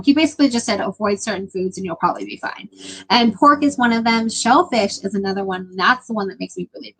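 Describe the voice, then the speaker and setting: A woman's voice: fairly high pitch, fairly bright tone, husky, low-quality recording. A young adult woman chatting casually with her live stream viewers, rambling with lots of filler words.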